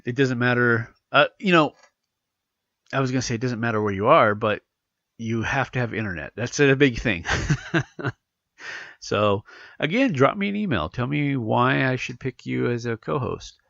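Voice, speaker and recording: A man hosting a casual solo podcast, rambling and animated, sounding congested from allergies. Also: mid-range voice, moderate pace, creaky, long pauses, no echo, lo-fi sound. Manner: rambling, animated, self-correcting. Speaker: podcast host.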